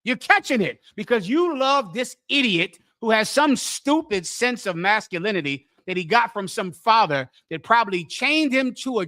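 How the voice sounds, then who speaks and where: High-pitched, animated scolding preacher man. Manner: mocking, scolding rant. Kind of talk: fiery street sermon.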